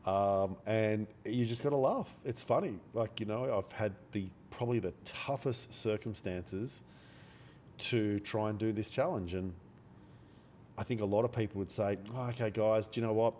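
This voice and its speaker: A man with a cold, talking quietly and bluntly into a close microphone during a day-trading live stream, swearing now and then. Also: on the low side, measured pace, slight background noise. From Australia. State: has a cold. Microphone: microphone held very close.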